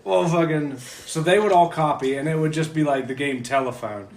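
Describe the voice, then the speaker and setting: A man's voice: on the high side, normal speed. A young man chatting casually on a podcast, hesitant, with many fillers. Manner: laid-back, hesitant, fillers and swearing. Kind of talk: casual chat. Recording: roomy echo, faint noise.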